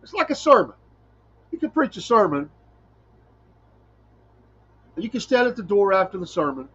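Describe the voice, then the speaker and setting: A man's voice: high-pitched, sing-song, moderate pace, a bit bright, husky, highs cut off. A middle-aged man, a preacher hosting a podcast, talking in a folksy, rambling way and laughing often. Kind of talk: casual solo podcast talk.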